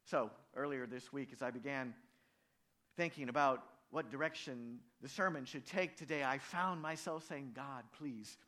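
A male pastor giving a sermon, telling stories in an animated way and rising to emphatic peaks. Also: mid-range voice, normal speed.

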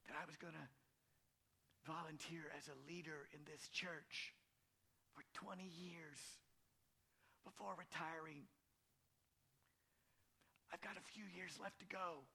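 A man's voice: fairly high pitch, fairly even intonation, slow pace, gravelly, long pauses, slightly rough, heavily acted. A man quoting a frail, weak older man. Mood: wistful. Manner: soft and weak.

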